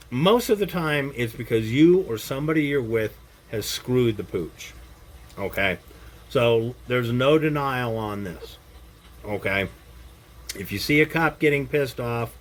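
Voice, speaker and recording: A man's voice: medium pitch, slight background noise. A middle-aged or older man giving a blunt, casual self-defense lesson to camera, salty language and frequent check-ins with his listener. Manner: blunt and profane, checks in with "Okay?" after points.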